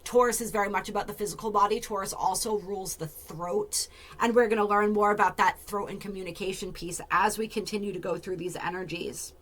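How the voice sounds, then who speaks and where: A woman's voice: medium pitch, sharp tone. A woman hosting an astrology talk, speaking in a flowing, searching way and thinking aloud as she goes. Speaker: astrology channel host.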